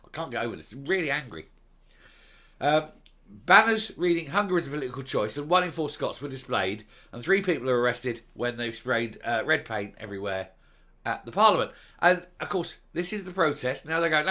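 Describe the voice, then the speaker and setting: A middle-aged man vents furious political commentary straight to camera. His voice is bright and forceful, and he breaks into loud, mocking outbursts between stretches of seething talk. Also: mid-range voice, lively intonation, normal speed. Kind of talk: angry ranting commentary.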